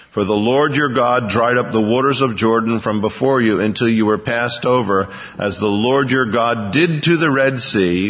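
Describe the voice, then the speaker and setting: A man preaching a sermon, reading scripture slowly and building to emphatic bursts. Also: medium pitch, husky. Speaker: pastor. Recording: dull, lo-fi with long hall reverb.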